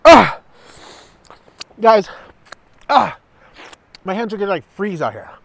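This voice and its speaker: A man's voice: high-pitched, sing-song, quick pace, darkish tone. A man chatting casually to his viewers outdoors at night, rambling and joking, into a clip-on lavalier microphone. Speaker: vlogger. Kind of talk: casual chat to camera.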